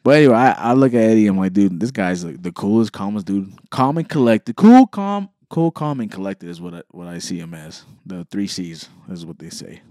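Man, deep voice, slangy, swears a lot, casual talk, dry close mic. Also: fairly quick, few pauses, darkish tone, no room sound. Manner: profane, slangy banter. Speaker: podcast co-host. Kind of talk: casual chat.

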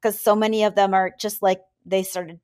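A woman's voice: medium pitch, level tone, moderate pace, a little mellow. A woman who is a returning podcast guest, chatting eagerly and gratefully, often restarting her sentences. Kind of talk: casual podcast chat.

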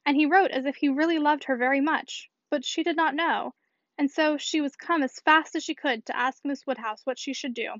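Woman audiobook narrator, high voice, dry dull recording. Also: moderate pace, no echo. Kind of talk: scripted narration.

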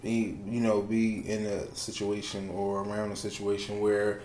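A man in casual chat among friends, talking in animated, profane, streetwise banter. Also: fairly low pitch, a little slow. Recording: roomy echo.

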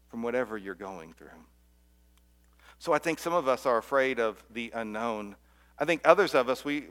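A man's voice: medium pitch, a bit bright. A middle-aged man preaching from the pulpit in an earnest, heartfelt way. His voice sits in an ordinary middle range. He stumbles over repeated words and lets key lines fall almost to a whisper. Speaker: pastor. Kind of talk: sermon.

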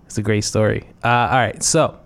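A man's voice: on the low side, fairly even intonation, normal speed, gravelly. A man being interviewed as a guest on a radio show, telling a loose story full of fillers. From New England. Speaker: guest, hip-hop event organizer.

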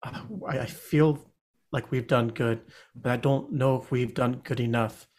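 A man voicing a worried male adventurer who says a quiet, halting prayer. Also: medium pitch, steady tone, lightly acted. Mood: earnest. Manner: hesitant, halting, with restarts.

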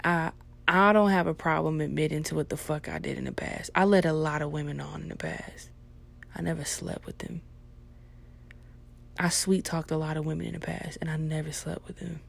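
Low-voiced woman host, blunt and profane, ranting in a casual monologue. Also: normal speed, gravelly. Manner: blunt, heavily profane, swings into loud animated ranting.

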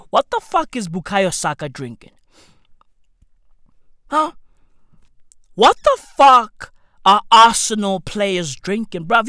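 Animated, profane man ranting. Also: high voice, slow, long pauses, no room sound, clean studio sound. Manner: profane, excitable, incredulous outbursts. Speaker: podcast host. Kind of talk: comedic rant.

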